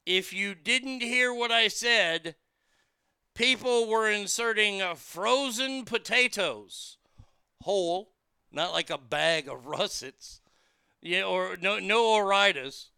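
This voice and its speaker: A man's voice: sits high, slow pace, creaky, bright, forceful tone, clean tone, no echo, studio quality. A man hosting a show, delivering a crude, mocking comedic monologue that rambles with restarts. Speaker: radio show host.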